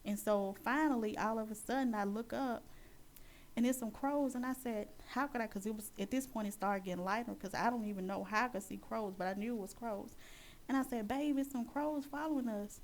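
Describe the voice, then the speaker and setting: A woman recounting her personal Christian testimony, with a gravelly, creaky edge to her mid-pitched voice. She speaks earnestly and haltingly, circling back with fillers. The telling turns dramatic as the story builds. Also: a little hiss or hum.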